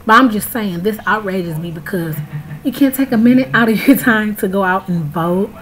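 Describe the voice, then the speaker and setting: A woman's voice: medium pitch, normal speed, a bit bright, low-quality recording. A woman in her early twenties talking straight to viewers in an outraged, emphatic casual vlog rant. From United States. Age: early 20s. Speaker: vlogger. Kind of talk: casual ranting vlog to camera.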